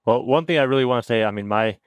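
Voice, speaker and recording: A man's voice: mid-range voice, very fast, smooth, no room sound. A man in his late twenties co-hosting a podcast, offering reflective, motivational closing thoughts. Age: late 20s. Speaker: podcast co-host. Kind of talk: casual podcast talk.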